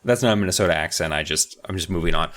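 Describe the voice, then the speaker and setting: A man's voice: sits low, very fast, fairly bright tone. A man co-hosting a podcast, recapping a book in casual, rambling, jokey chat with some swearing. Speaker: podcast co-host.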